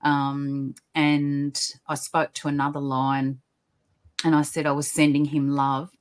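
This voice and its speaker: A low-pitched woman, a guest on a podcast over a video call. She tells her stories in an animated, upbeat way. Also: slow. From Australia. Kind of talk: podcast interview.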